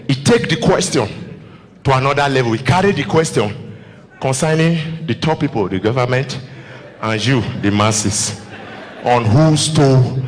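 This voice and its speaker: A man with a Nigerian accent doing animated stand-up comedy, shouting and singing as he acts out people. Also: medium pitch, big-room sound. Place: large live comedy venue. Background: loud crowd and music.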